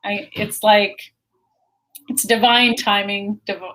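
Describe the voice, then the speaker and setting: A woman co-hosting a wellness talk show, telling a travel story in a relaxed, easygoing way with frequent laughs. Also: medium pitch, takes it slowly, poor audio. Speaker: co-host. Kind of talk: casual chat. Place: remote location in California.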